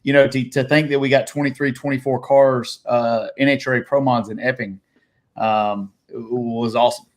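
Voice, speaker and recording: A man's voice: mid-range voice, fairly even intonation, normal speed. Easygoing man hosting a casual chat. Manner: easygoing, joking questions. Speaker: host.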